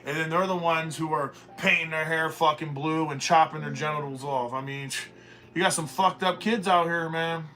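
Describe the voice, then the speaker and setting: A man's voice: fairly high pitch, fairly even intonation, moderate pace, pushed and bright. A man hosting a live stream, ranting bluntly and profanely in a rambling, casual way.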